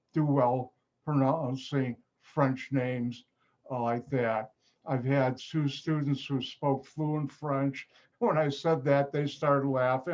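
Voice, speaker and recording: A man's voice: medium pitch, darkish tone. A man from Chicago with a Chicago accent teaching a live online chemistry class, upbeat and joking with his students. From Chicago, USA. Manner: jokey, upbeat, self-mocking. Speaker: chemistry instructor. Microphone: video call. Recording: muffled video-call audio.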